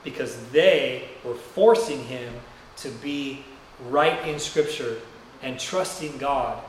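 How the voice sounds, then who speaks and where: A medium-pitched male pastor takes it slowly while preaching, telling a rambling story in a loose, conversational manner. The church sanctuary is very echoey and he's heard from a distance, with slight background noise.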